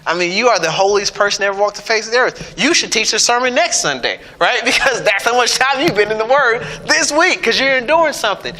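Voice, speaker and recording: A male pastor preaches with a high, bright voice, joking and animated as he keeps checking in with his listeners. His voice rings with a long reverb through a church hall. A faint noise sits underneath. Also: quick pace, hardly any pauses. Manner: joking, animated, keeps asking the crowd "right?". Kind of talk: sermon.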